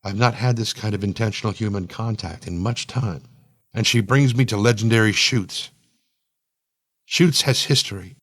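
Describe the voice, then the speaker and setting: A man narrating a first-person science-fiction story in a playful, slangy, animated way. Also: fairly low pitch, moderate pace, no echo, studio quality.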